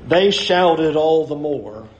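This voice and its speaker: A man's voice: a little high, animated, slow. A man preaching a sermon in a church, emphatic and vivid, repeating his points for weight. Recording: roomy echo.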